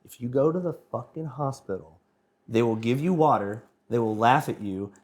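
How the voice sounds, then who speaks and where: A man's voice: mid-range voice, animated, moderate pace, darkish tone, natural voice. A man putting on his alarmed wife's voice, her questions frantic and scolding. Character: alarmed, exasperated adult wife.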